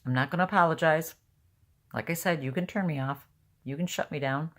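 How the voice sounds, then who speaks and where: A woman's voice: low-pitched, fairly quick. An older woman talking casually to camera, blunt and rambling, openly emotional. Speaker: vlogger.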